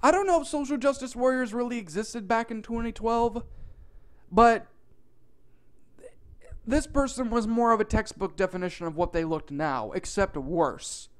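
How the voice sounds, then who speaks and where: Guy with a pretty high voice ranting thru a crazy storytime, swears a lot, super animated. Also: normal speed, clean tone. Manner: animated, profane, exaggerated retelling. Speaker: storytime narrator. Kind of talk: comedic storytime narration.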